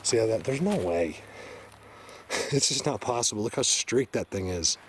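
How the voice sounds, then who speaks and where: A man vlogging while hiking through a forest, excitedly pointing things out to his viewers in casual walk-and-talk. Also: fairly low pitch, normal speed, noisy background. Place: forest outdoors, hiking uphill.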